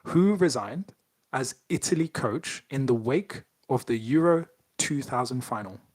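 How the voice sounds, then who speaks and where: A man's voice: medium pitch, lively intonation, measured pace, a little mellow. A man co-hosting a podcast, chatting casually and playfully reading out quiz questions. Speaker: podcast co-host, quizmaster. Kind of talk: casual chat.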